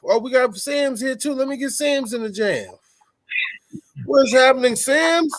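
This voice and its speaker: A man's voice: very high-pitched, unhurried. A man from the Washington DC area hosting a podcast in loose, profane, hyped-up casual chat. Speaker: podcast host.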